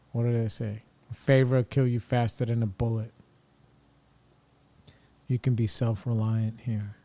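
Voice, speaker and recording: A man's voice: mid-range voice, mellow. A middle-aged man hosting a podcast, ranting bluntly and casually in slangy opinionated talk. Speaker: podcast host.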